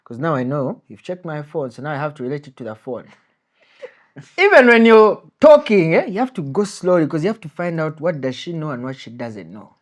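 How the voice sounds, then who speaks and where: Brief: young male co-host, teasing joker, lively pitch. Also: moderate pace. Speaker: podcast co-host. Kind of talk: casual chat.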